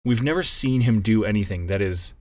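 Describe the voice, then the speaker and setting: A man co-hosting a casual podcast chat, animated and swearing freely as he acts out movie scenes. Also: fairly low pitch, brisk, no room sound. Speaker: podcast co-host.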